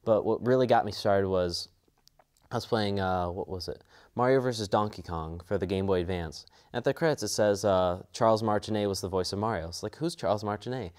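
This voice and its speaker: Earnest young man, rambling, a little low. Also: brisk, a little mellow. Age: young adult. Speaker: voice actor and student. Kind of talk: casual interview talk.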